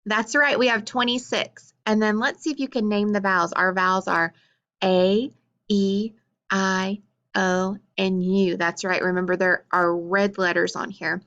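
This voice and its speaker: A woman's voice: medium pitch, fairly even intonation, pushed and bright. Encouraging woman teacher, dull lo-fi sound. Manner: encouraging, coaching kids with questions and praise; draws out words slowly for syllable clapping. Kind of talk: phonics lesson for young children.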